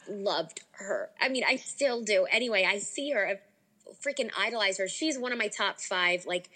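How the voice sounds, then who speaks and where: A young adult woman telling a story as a podcast guest in a casual, animated way, with lots of "like" fillers. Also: medium pitch, normal speed. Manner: animated, many "like" fillers, excitable.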